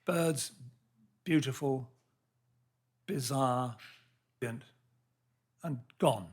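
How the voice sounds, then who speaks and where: A man giving a public science lecture in a hall, earnest and halting, often restarting his words and reading out quotes. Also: mid-range voice. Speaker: lecture speaker.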